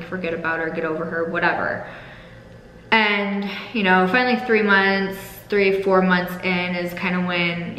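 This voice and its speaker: A young woman with a lowish, pushed, bright voice tells a painful personal story, frank and emotional, swearing freely while holding back tears. She's in an echoey room with a long reverb tail and faint noise underneath.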